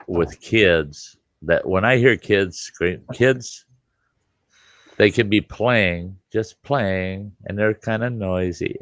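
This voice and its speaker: A man with a very deep, low voice speaks in a casual group conversation, recorded dry and close with no room echo. He talks earnestly, stumbles over his starts and repeats words as he gets going. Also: a bit bright. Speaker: host. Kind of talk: casual chat.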